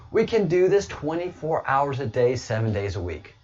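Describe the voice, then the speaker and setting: A man's voice: on the high side, big pitch swings, normal speed, few pauses, darkish tone, slightly rough. A man chatting casually as a guest, rambling and joking with many restarts, and sometimes boastful and provocative. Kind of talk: casual chat. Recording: dull lo-fi audio.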